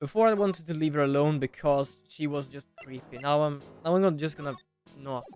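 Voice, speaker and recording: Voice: mid-range voice, brisk, smooth, faint music behind. A streamer giving casual, emotional commentary while playing a story game. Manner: animated, emotional reactions. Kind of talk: casual let's-play commentary.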